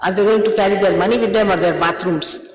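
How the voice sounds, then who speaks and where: A woman's voice: mid-range voice, fairly even intonation, fast, echoey room, in a large hall, a little hiss or hum, low-quality recording. An older woman, a spiritual teacher, scolding and urging her followers, emphatic, often repeating herself and laughing between remarks.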